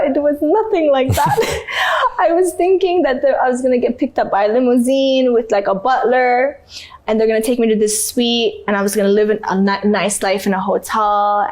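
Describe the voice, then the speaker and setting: A woman guest from Canada telling her story in an interview, animated and acting out the people she met. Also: fairly high pitch, moderate pace. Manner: animated, acts out other people's voices. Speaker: guest, actress.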